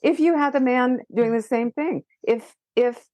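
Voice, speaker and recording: A woman guest on a parenting podcast, talking in a lively way with many restarts and rising emphasis. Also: high-pitched, measured pace, dry recording. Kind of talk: casual conversation.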